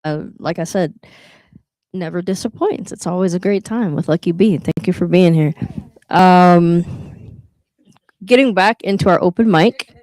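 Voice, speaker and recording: A woman's voice: fairly low pitch, unhurried, pauses often, a little mellow, no echo. A woman hosting a live open mic night, joking with the crowd and reading a poem, with a playful, teasing manner. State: out of breath. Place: live venue with an audience.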